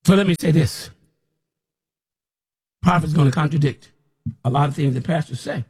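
A man's voice: on the high side, moderate pace, a little mellow, breathy edge. A man preaching an unscripted, scolding sermon as a self-described prophet, repeating himself as he presses his point.

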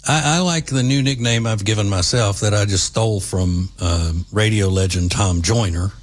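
A man's voice: on the low side, moderate pace. A man hosting a talk radio show, folksy and opinionated, rambling with fillers.

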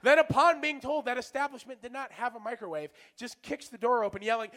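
A man telling a stand-up story in an animated, exasperated way. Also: very high-pitched, brisk, few pauses. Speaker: stand-up comedian.

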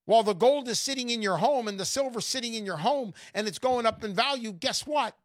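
A woman giving an emphatic, mocking sales pitch, making her case with scorn and punchy asides. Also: brisk, no room sound, studio quality. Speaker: gold investment promoter.

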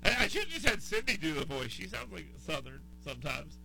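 A man from the American South hosting a talk radio show in casual chat. He rants with exasperation and circles back to the same point. His voice is high and bright with real edge. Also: big pitch swings, brisk, vocal fry, breathy edge, rough recording. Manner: exasperated ranting with repetition.

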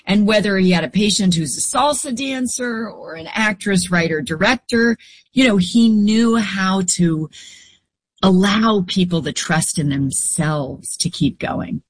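A woman being interviewed, telling her story in a reflective, unhurried way. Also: medium pitch, a little hiss or hum. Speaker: guest.

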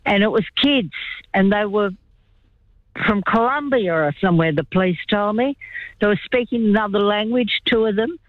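A woman's voice: mid-range voice, normal speed, dry recording. An older woman calls in to a radio show and tells a long story in a rambling, chatty way, with many asides. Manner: rambling, chatty, lots of "you know". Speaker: caller. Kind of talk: phone-in storytelling. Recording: tinny phone line.

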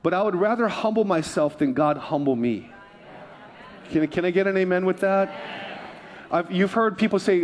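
A middle-aged pastor from Hawaii preaching a sermon in a relaxed, joking, conversational way, often repeating his phrases. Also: high-pitched, moderate pace, long pauses, slight background noise.

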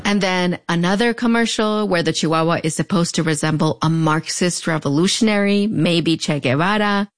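A woman's voice: lowish voice, normal speed, few pauses. A woman with a fronterizo border accent giving a wry, conversational scripted narration with playful, sassy asides. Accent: fronterizo (US-Mexico border). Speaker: podcast narrator.

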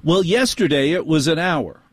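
A man's voice: expressive, normal speed, no echo. A man putting on the voice of a brittle, condescending male store manager who lectures a customer. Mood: snippy. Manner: prissy, lecturing, higher-pitched mock voice.

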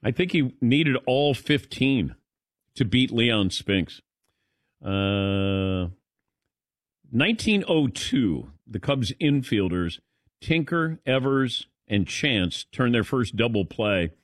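A man's voice: mid-range voice, very animated, takes it slowly, no room sound, studio quality. A man hosting a sports radio show, joking and teasing his co-hosts in casual banter.

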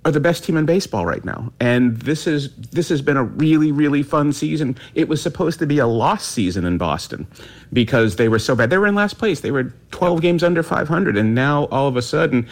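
A man giving opinionated sports commentary in a radio interview, animated and quick in bursts. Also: a little high.

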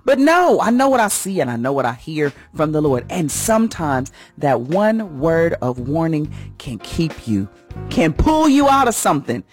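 A woman's voice: deep voice, big pitch swings, normal speed, slightly rough, faint music behind. A woman hosting a morning radio segment, talking like a preacher in a fervent, folksy way with a church first lady's conviction. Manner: fervent, folksy, swoops up and down for emphasis.

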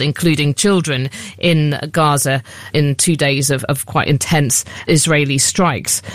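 A woman working as a Middle East news correspondent reports in a measured, analytical manner with the occasional filler. Her voice is deep, and the recording is dry and studio quality.

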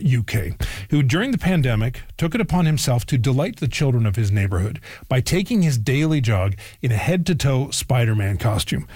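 Lively male radio presenter. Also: medium pitch, no echo, clean studio sound. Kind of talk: scripted radio introduction.

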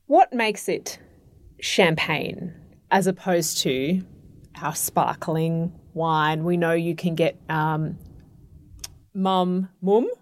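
A woman interviewer with a slightly low voice. She asks her guest questions with easy, friendly curiosity, in a relaxed conversational tone. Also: slow, dry recording. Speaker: interviewer host. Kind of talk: casual interview.

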